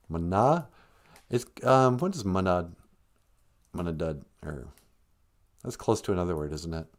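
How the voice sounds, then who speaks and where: A man's voice: sits low, sing-song, a little slow, pauses often. A man hosting a comedic live-stream language lesson, teasing a pretend caller in a blunt, chatty way. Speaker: Ojibwe language teacher and host.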